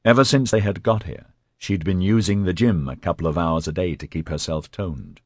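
A man reading fiction as an audiobook narrator, with an expressive, dramatic storytelling manner. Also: deep voice, normal speed, no room sound, clean studio sound. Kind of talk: scripted narration.

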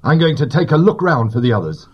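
A steady older squirrel , played by a man, talks brisk and matter-of-fact. The voice is husky and close to the reader's own, on a dull lo-fi recording. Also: mid-range voice, pitched above the performer's own voice.

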